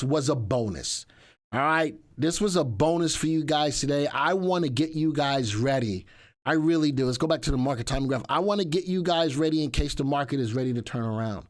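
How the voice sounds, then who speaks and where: Chatty man hosting a stock stream. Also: a little high. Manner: chatty, repetitive, reads chat aloud. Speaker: livestream host. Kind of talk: casual live market commentary.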